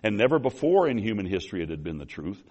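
A man preaching an expository sermon, telling the story with animation, swinging between loud emphasis and quiet asides, calling the congregation folks and restarting his phrases. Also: lowish voice, sing-song, fast talker, husky. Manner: addresses the congregation as folks, with restarts and apologies for running long.

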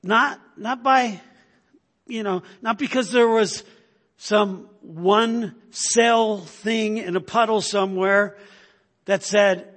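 A man's voice: high-pitched, fairly even intonation, slow pace, a bit bright. A man preaching a sermon in an emphatic, conversational way, often checking in with the listeners. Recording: long hall reverb.

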